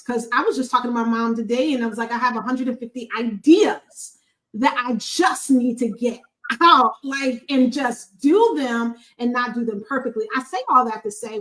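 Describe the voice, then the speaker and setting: A woman from Buffalo hosting a podcast, sharing a heartfelt testimony in an animated, emphatic way with a preacher-like cadence. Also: a little high, poor audio. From Buffalo, New York, USA. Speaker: podcast host.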